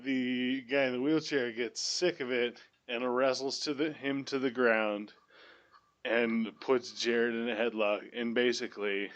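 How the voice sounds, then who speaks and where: A man's voice: mid-range voice, fairly even intonation, a little slow, a bit bright. Guy hosting a movie podcast, swears a lot, jokey and blunt. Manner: blunt, profane, joking. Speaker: podcast host. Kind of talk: casual movie discussion.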